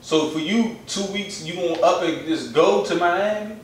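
A man's voice: high-pitched, moderate pace, heavy reverb, distant mic, a little hiss or hum, rough recording. A man in casual podcast chat, slangy and rambling, often repeating himself.

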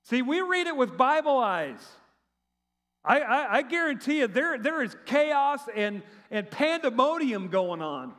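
A middle-aged man with a high voice preaches a relaxed, conversational sermon. He talks in an animated, chatty way, trips over restarts and throws in sarcastic asides. His voice rings with the long reverb of a big church hall. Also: measured pace. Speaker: pastor.

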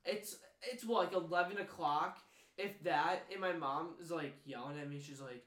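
A man's voice: fairly high pitch, moderate pace, fairly bright tone, echoey room, distant mic. A man in his twenties rambling through stories in casual chat, full of "like"s. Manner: rambling storyteller with many "like"s. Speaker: podcast guest.

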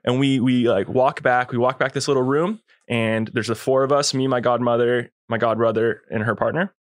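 A man's voice: mid-range voice, fairly even intonation, normal speed, no room sound. A young man, a podcast guest, telling a long story in a laid-back, slangy way and acting out quotes. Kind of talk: casual storytelling.

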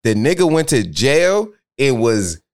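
A young man with a Mississippi accent, chatting casually as a podcast co-host, loud and animated with lots of slang. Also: mid-range voice, a little slow. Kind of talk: casual chat.

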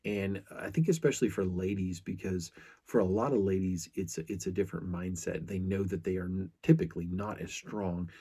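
Middle-aged male podcast host, deep husky voice, earnest storyteller. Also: a little fast, warm tone. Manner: earnest storytelling, frequent restarts. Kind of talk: casual podcast monologue.

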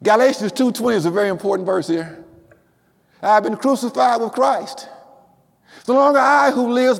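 A man preaching a sermon. He is emphatic, swinging from hushed lines to shouts and repeating key phrases. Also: sits high, creaky. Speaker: pastor. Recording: long reverb of a large hall.

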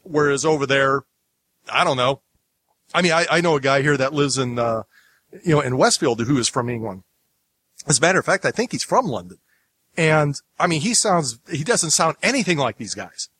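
A man's voice: on the high side, lively intonation, normal speed, a bit bright, slight background noise. A man from the United States hosting a podcast, chatting casually in a rambling way with many restarts. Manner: rambling, lots of restarts and asides. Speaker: podcast host.

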